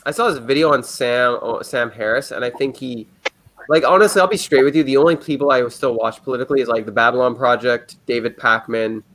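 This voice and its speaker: A man's voice: mid-range voice, brisk, fairly bright tone. Rambling, hesitant male commentator. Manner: rambling, hesitant, many restarts and fillers. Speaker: guest commentator. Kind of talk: casual political chat.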